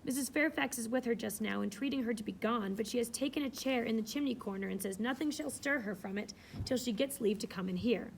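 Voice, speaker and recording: A woman's voice: on the high side, brisk, gravelly, few pauses, a little hiss or hum. A woman reading aloud, voicing a nervous, deferential male footman.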